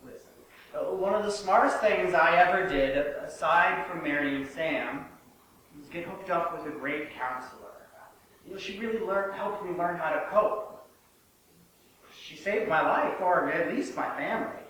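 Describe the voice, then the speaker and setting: A man's voice: on the high side, measured pace. Reassuring man, distant and echoey. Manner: calm, reassuring. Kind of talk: staged conversation. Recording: echoey room, mic at a distance, faint hiss.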